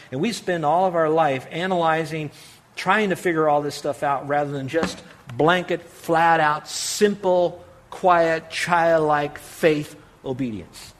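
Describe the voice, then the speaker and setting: A man preaching a sermon as pastor, earnestly acting out prayers and dropping between loud and hushed delivery. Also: fairly high pitch, moderate pace.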